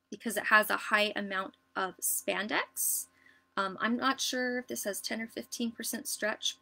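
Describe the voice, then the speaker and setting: A woman giving a casual live sewing tutorial, chatty and relaxed, with lots of ums and likes. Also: medium pitch, creaky. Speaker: sewing instructor.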